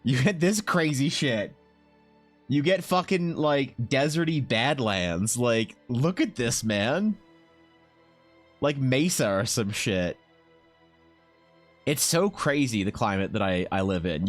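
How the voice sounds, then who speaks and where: Casual streamer, thirties man from Canada, mid-pitched, rambling and profane over faint music. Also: normal speed, pauses often. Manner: rambling, profane, animated asides. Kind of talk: casual live-stream chat.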